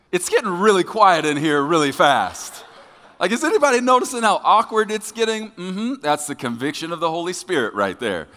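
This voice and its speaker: A man preaching a sermon as pastor to his congregation, joking with them in a lively, conversational way. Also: on the high side, a little fast. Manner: lively, joking with the congregation, acting out quoted voices. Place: church sanctuary. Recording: long hall reverb.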